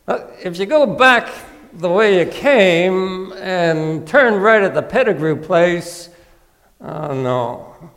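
A preacher putting on a rambling old farmer. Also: male voice, sits high, animated, slow pace, fairly bright tone, in a large hall, voice pushed up, exaggerated voice, poor audio. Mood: musing. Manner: hesitant, keeps correcting himself. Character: rambling old male country farmer giving directions.

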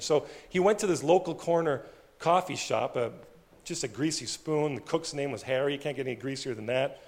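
A male pastor preaching a sermon with animated storytelling, dropping his voice low for emphasis. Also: big-room sound.

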